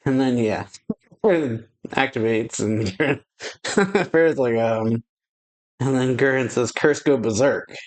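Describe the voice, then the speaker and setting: Male reaction host, casual rambling manga recap, average pitch. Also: lively intonation, takes it slowly, pauses often. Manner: rambling, chuckling, filler-heavy. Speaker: anime reaction channel host. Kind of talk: casual retelling of a manga chapter.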